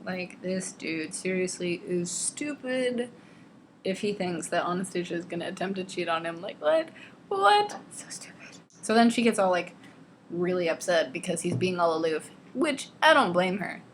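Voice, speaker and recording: A young woman vlogger reading a novel aloud and ranting about it, sarcastic and exasperated, swearing freely and squeaking high when she mocks lines. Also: normal speed, slight background noise. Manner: jumps to squeaky high pitch when mocking quotes. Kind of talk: casual ranting book commentary.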